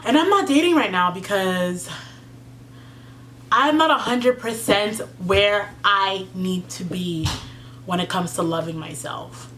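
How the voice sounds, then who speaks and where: Bright-voiced young woman, tearful and earnest. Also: medium pitch, takes it slowly, a little hiss or hum. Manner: earnest, heartfelt, fillers and repeats, fighting back tears. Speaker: vlogger. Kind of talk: emotional personal story to camera.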